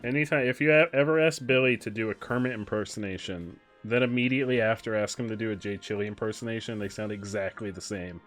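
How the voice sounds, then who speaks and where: A young man streaming a game, chatting casually, switching between muttered asides and loud excited outbursts. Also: fairly low pitch, quick pace, hardly any pauses, faint music behind. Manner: excitable, shifts from mumbling asides to loud exclamations. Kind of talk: casual live-stream commentary while gaming.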